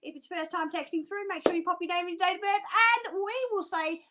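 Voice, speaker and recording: Bubbly high-voiced woman presenter. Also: steady tone, brisk, muffled recording, noisy background. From Australia. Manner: bubbly, chatty, self-mocking. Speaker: psychic show presenter. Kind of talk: live phone-in show presenting.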